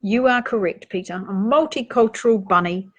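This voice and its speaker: A woman with a New Zealand accent reading a children's picture book aloud, gently asking young listeners questions as she goes. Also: mid-range voice, normal speed. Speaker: storytime reader.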